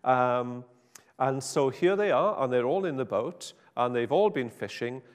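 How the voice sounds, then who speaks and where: A man's voice: mid-range voice, animated, measured pace, smooth. A man preaching an informal sermon in a chatty, wry, self-interrupting way. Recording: hall reverb.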